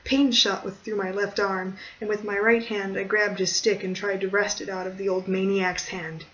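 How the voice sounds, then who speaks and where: Measured storyteller on a dull distant mic. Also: medium pitch, little pitch movement, fairly bright tone. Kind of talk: scripted narration of a horror short story. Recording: dull distant recording, faint hiss.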